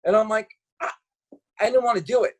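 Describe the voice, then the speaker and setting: A man's voice: high-pitched, brisk. A man, telling stories in a casual podcast chat, acting out the voices of the people he quotes. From Brooklyn, New York. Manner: animated, acts out quoted voices, lots of swearing and fillers. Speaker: podcast guest. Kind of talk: casual storytelling.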